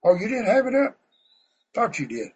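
A man preaching a fervent, folksy sermon to an online group over a video call, breaking into shouts of praise. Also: high voice, sing-song, normal speed, slightly rough, low-quality recording.

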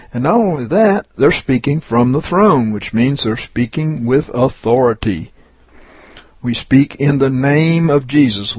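A man preaching a sermon, reading scripture and teaching with slow, deliberate emphasis on key words. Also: mid-range voice, husky, dry recording, lo-fi sound.

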